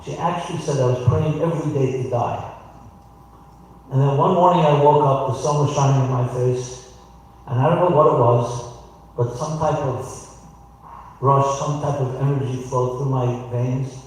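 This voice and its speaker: A man delivering a sermon in a synagogue sanctuary, his voice picked up from a distance. The large room rings with long reverb and a faint wash of ambience. He speaks at a middle pitch, reflective, and poses questions to his congregation. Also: fairly even intonation, moderate pace, darkish tone, a little hiss or hum. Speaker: rabbi. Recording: roomy hall, voice from far off.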